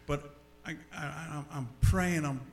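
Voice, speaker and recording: A man giving a storytelling testimony before an audience, animated and often repeating his words. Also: fairly high pitch, unhurried. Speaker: speaker giving a personal testimony.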